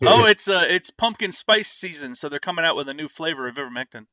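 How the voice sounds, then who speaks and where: High bouncy guy, super bright voice, joking around in a group call. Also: fast talker, no room sound. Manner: animated storyteller, jokey. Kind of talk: casual group voice chat.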